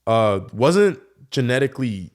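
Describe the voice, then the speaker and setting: A young professional dunker, guesting on a casual podcast, talks in an unhurried way with a medium-pitched voice. He tells stories loosely and comfortably, filling them with lots of "like."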